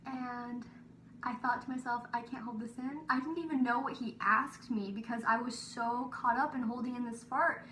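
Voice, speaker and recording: A young woman with a high voice tells an embarrassing story in a chatty, tumbling way. She sits a little back from the mic in a roomy space, with faint hiss behind her. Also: normal speed, far from the mic. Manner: animated, breathless storytelling with many "like" fillers. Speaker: vlogger. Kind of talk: storytelling vlog.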